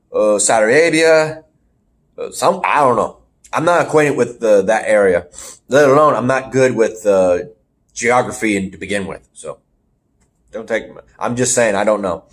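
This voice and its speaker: A man co-hosting a casual podcast, rambling through a wrestling match recap with animated play-by-play and the odd laugh. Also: mid-range voice. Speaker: podcast co-host. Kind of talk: casual wrestling review chat.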